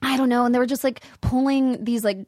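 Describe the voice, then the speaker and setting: A woman's voice: sits high, quick pace, dry recording, studio quality. A young woman chatting casually as a podcast guest, telling a story with lots of acted-out quotes and frequent laughter. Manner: animated storyteller, acts out quotes, laughs often. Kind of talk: casual chat.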